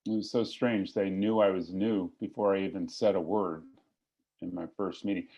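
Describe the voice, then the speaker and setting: A man's voice: sits low, fairly even intonation, normal speed, mellow. A middle-aged man telling his personal recovery story to a meeting, in a wry, self-deprecating, joking way. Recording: slightly lo-fi recording.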